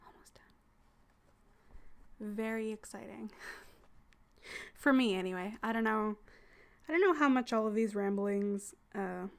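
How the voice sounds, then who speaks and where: A woman hosting a casual livestream chat as a hypnosis content creator, soft and teasing, often dropping into a whisper. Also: medium pitch, moderate pace, vocal fry, pauses often.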